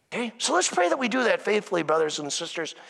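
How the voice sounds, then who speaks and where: A man, a priest, giving a slow, emphatic sermon full of rhetorical questions in a church. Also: high voice, sing-song, creaky, fairly bright tone, long reverb tail.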